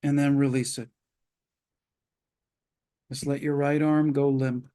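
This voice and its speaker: A calm male psychologist running a webinar offers guided muscle relaxation instruction in a mid-range voice. He proceeds slowly, giving step-by-step cues and leaving long pauses.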